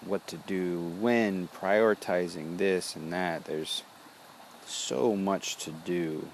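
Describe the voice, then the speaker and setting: A man with a very low, deep voice talks through a reflective body-awareness check-in. He speaks slowly and introspectively, often pausing and restarting as he searches for words. There is a faint hum of noise behind him. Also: creaky. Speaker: founder of a wellness business.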